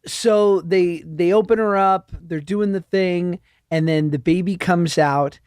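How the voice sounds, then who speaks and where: Joking dad in casual chat. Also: male voice, sits high, fairly even intonation, measured pace, a little mellow, clean tone, dry recording, clean studio sound. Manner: jokey, laughs often, self-mocking. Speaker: podcast host.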